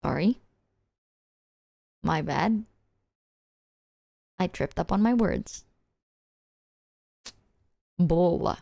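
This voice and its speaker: A woman's voice: on the low side, animated, extremely slow, gravelly, pauses often, warm tone, no echo. A woman streamer chatting casually with her viewers in a loose, rambling way, full of filler words and swearing.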